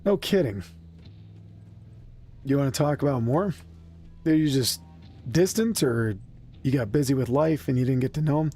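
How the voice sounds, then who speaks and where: A gaming streamer chats casually while playing live, his mid-pitched voice dark in tone at normal speed with frequent pauses and faint music behind. He's loose and rambling, self-deprecating and self-mocking, swearing often, and candid and openly emotional.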